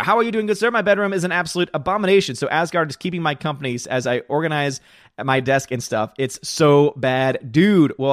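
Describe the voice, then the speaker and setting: A man with a fairly high voice hosts a movie channel livestream from his room at home, casually reading viewer comments aloud. His answers are opinionated and rambling, with repeated words, and the recording is dry and studio quality.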